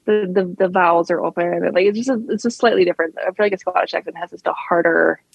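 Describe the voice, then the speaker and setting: A woman's voice: lowish voice, steady tone, creaky, husky, no room sound, dull audio. A woman in her thirties from Central Canada with a slight lisp, chatting casually as an author guest on a podcast and laughing at herself. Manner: chatty, self-deprecating, quick laughs.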